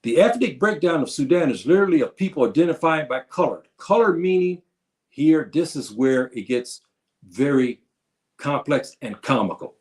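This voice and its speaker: Man giving a halting history lecture. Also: fairly high pitch, lively intonation. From United States. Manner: addresses listeners as brothers and sisters, halting with repeats. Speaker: history presenter. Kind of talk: informal video lecture.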